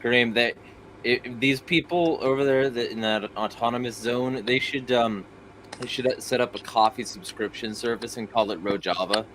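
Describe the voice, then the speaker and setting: A man's voice: mid-range voice, normal speed, fairly bright tone, slight background noise, rough recording. A man joking casually on a podcast, stammering and repeating his words.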